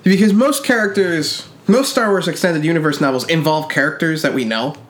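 Animated man co-hosting a podcast, higher voice. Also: fairly quick. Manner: animated, self-mocking, laughs often. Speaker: podcast co-host. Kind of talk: casual chat.

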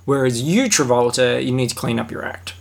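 A man's voice: mid-range voice, animated, a little fast, gravelly. A man mimicking a pompous film director in an exaggerated, mocking voice. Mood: fawning.

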